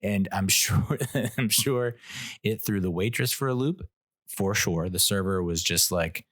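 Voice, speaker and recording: A podcast host with a low, slightly bright voice speaks unhurriedly in studio-quality audio with no room sound. Alone on his own show, he tells a rambling, self-mocking story and laughs at his own jokes.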